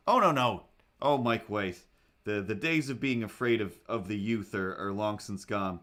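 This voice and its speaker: A man hosting a livestream who tells a story casually and animatedly, acting out his own thoughts and other people in a higher voice. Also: moderate pace, fairly bright tone. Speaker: livestream host. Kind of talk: casual storytelling while drawing.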